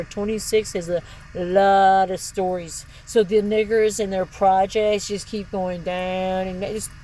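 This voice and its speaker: A woman's voice: darkish tone, slight background noise, low-quality recording. Woman ranting in a heated, rambling monologue. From Michigan, United States. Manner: profane, heated, jumps between thoughts; breaks into short laughs, pitch leaps up when agitated. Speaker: video blogger.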